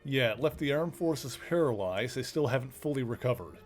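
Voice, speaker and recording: A man's voice: mid-range voice, lively intonation, fairly quick, faint music behind. A man casually commenting while he plays a video game, chatty and joking, with lots of filler words. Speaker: streamer. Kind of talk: casual let's play commentary.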